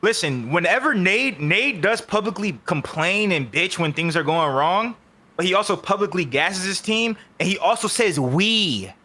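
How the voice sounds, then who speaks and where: A male podcast host with a bright, slightly high voice. He talks about esports in a heated, animated, profane way. It sounds like casual banter among friends. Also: moderate pace.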